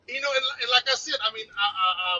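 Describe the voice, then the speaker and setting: A man's voice: very high voice, quick pace, pushed and bright. A man with a Texas accent calling into a live talk show, rambling casually and peppering his talk with "man" and "you know". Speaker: caller. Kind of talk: casual call-in chat. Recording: distant, dull lo-fi call audio.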